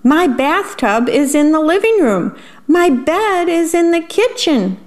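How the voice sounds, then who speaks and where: A woman voicing a fussy little worm who lives in an apple, with high fretful cries. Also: lively intonation, a little slow, darkish tone. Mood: panicked.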